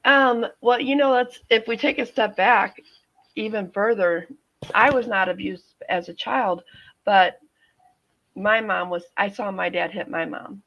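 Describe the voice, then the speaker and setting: A woman in her fifties, a nurse telling her own story as a guest in an interview, halting with frequent restarts and fillers. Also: medium pitch, a bit bright. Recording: dull lo-fi audio.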